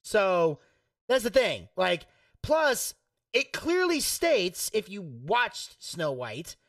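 Brief: female podcast co-host, unhurried wry delivery, dry sound picked up from a distant mic. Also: mid-range voice, sing-song, dry recording. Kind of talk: casual podcast chat.

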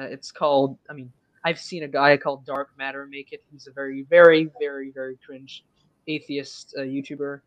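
A man's voice: medium pitch, dry recording, rough recording. An eighteen-year-old man from Quebec whose first language is French. He is chatting casually as a stream guest, rambling with plenty of fillers and restarts. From Quebec, Canada. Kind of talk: casual chat.

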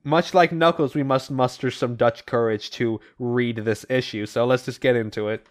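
A man co-hosting a podcast, casually retelling comic book issues with animated voiced quotes and the odd swear. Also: mid-range voice, moderate pace. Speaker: podcast co-host recapping comics. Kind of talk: casual comic recap chat.

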